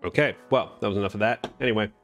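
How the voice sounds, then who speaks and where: A man's voice: lowish voice, rapid-fire, a bit bright, soft background music. A man casually explaining his streaming setup, rambling, greeting chat mid-sentence and correcting himself. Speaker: Twitch streamer. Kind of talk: live-streamed software tutorial.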